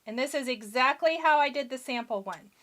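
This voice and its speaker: Speaking a little fast in a high, somewhat bright voice, a woman runs a live-stream card-making demo. Despite her hiccups, she chats casually and takes viewer questions as she crafts.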